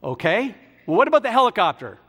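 A man voicing God in a joke, asking quick, dry questions, with long hall reverb. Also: high voice, very animated, bright, forceful tone, heavily acted. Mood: questioning. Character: patient questioning God, male.

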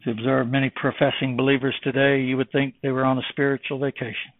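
A man preaching a sermon, moving from slow, hushed words to loud, fervent exhortation. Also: medium pitch, flat delivery, no echo. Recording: tinny phone-like, dry.

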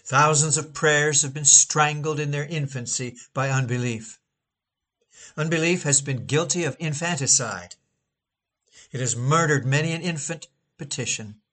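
A man's voice: on the high side, unhurried, pushed and bright. A man reading a sermon aloud in a dramatic, emphatic oratorical manner, drawing out key phrases. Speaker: preacher.

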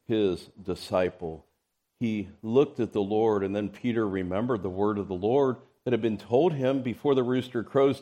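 A man preaching a sermon, reading scripture aloud in an expressive, rising and falling delivery. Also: fairly low pitch. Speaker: pastor.

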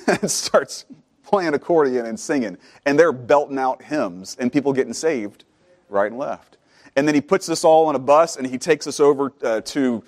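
A man preaches a sermon. He speaks plainly and conversationally, then his voice climbs and grows louder as he exhorts the congregation. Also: medium pitch. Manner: builds from quiet and conversational to loud, fervent preaching.

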